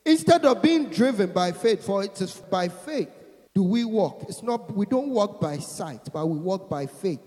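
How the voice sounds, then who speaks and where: High-voiced man preaching in a hall. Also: lively intonation, measured pace. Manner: emphatic, builds to shouting then drops low; leads call-and-response. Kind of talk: sermon.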